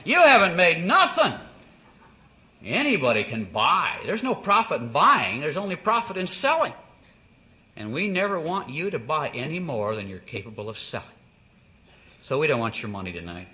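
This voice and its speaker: Male founder figure, folksy storyteller, swooping animated delivery, addressing distributors. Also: on the high side, moderate pace. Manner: folksy storyteller, acts out quoted dialogue. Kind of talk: motivational business speech.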